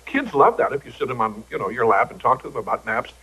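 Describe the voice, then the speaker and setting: A man's voice: mid-range voice, expressive, quick pace, pushed and bright, slightly rough, low-quality recording. Wry older man telling stories on TV. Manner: wry, joking raconteur acting out quoted voices. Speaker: talk show guest. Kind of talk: anecdotal talk show storytelling. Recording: old broadcast TV audio.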